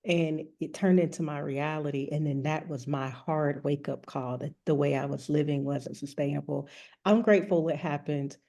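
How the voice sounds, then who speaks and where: Woman rest coach as interview guest, low warm voice, reflective and frank about her own story. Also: steady tone, normal speed, creaky. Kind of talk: candid personal storytelling in an interview.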